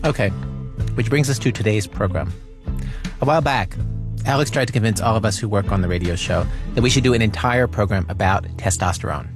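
A man hosting a radio show, narrating a scripted introduction in a wry, measured way. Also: fairly low pitch. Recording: music bed underneath.

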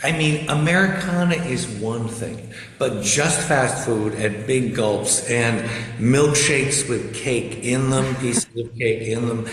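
A man's voice: mid-range voice, slow. Wry man on an echoey video call. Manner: wry, amused. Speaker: guest commentator. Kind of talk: talk radio interview.

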